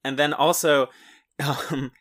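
A man's voice: a little high, fairly even intonation, slow pace, a bit bright. A man in casual chat about a film, easygoing and hesitant, swearing now and then and laughing at himself.

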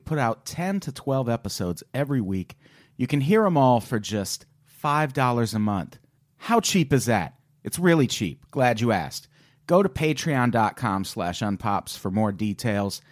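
Wry podcast host man, lively voice. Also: medium pitch, unhurried, no echo, clean studio sound. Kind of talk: casual podcast banter.

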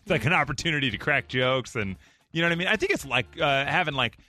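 A bright, animated male morning host. He chats loosely and jokes with callers, his pitch moving a lot from line to line. Faint music plays under the talk. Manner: joking, animated, does quick voices. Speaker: radio morning show host. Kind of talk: casual radio chat.

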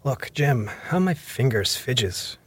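A man voicing an ailing old sea captain who pleads and curses in rough sailor talk, in an audiobook reading. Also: mid-range voice, big pitch swings, takes it slowly, exaggerated voice. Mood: pleading. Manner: coaxing, then gruff and rough-spoken.

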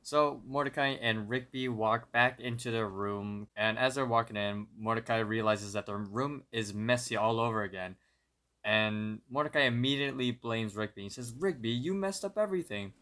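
A man's voice: on the low side, normal speed. Joking man recapping on a podcast. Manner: relaxed, joking, loose storytelling. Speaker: podcast co-host. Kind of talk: casual episode recap.

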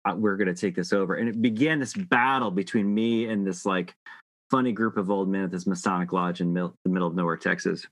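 Middle-aged guy rambling thru a story, lowish voice, dry close sound. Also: fairly even intonation, fairly bright tone, no echo. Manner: rambling, halting with many restarts. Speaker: guest telling a personal story. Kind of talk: casual storytelling chat.

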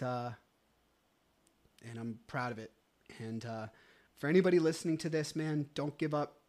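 Emotional, grateful male podcast host. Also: mid-range voice. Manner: emotional, grateful, swears often, drops to a near whisper. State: overwhelmed with relief. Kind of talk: solo podcast monologue.

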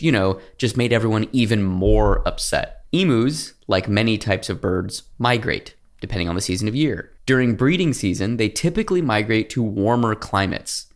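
A man hosting a history podcast, reading a script with sarcastic asides and swearing. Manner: sarcastic, swears, jumps to high mocking voices. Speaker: podcast host. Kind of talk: scripted history narration with casual banter.

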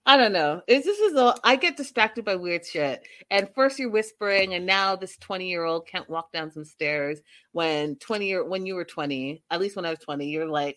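A woman casually recapping a reality show episode, chatty and animated, with sarcastic asides. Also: on the low side, normal speed, few pauses.

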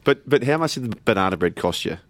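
A man's voice: on the low side, animated, fast, dry recording. Teasing Australian co-host man. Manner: teasing, banter-driven. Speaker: sports show co-host. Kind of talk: casual chat.

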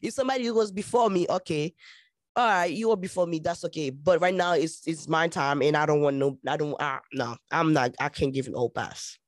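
A woman's voice: sits low, a little fast, no echo. A woman from Haiti in casual chat, speaking frankly, laughing often and restarting her sentences.

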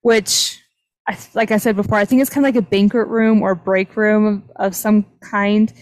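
A young woman with a mid-range, steady-toned voice talks at normal speed; the recording is low-quality and has no room sound. As a podcast host, she tells a paranormal investigation story in casual chat, using lots of fillers, especially "like".

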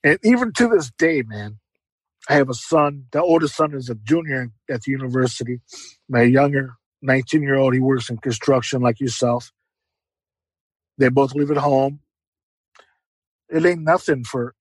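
A man's voice: mid-range voice, moderate pace, breathy edge, no echo, rough recording. A middle-aged man giving an earnest, heartfelt personal testimony as an interview guest, repeating phrases for emphasis.

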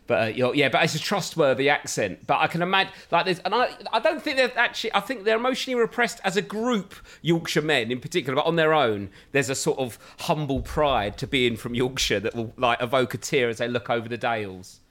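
A man's voice: medium pitch, brisk, few pauses, a bit bright. A man hosting a podcast interview, chatting casually and joking with a lot of laughter. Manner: jokey, chatty, laughs often. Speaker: podcast host. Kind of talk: casual chat.

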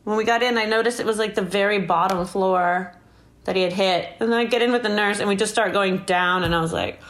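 Brisk and medium-pitched, this woman is a guest in a relaxed interview, telling a story. She laughs a lot and stays animated, performing the quoted lines of the people involved.

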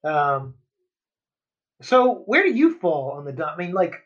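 A man's voice: on the high side, sing-song, unhurried, dull audio. A man co-hosting a podcast, chatting casually and explaining at length. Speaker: podcast co-host. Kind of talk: casual chat.

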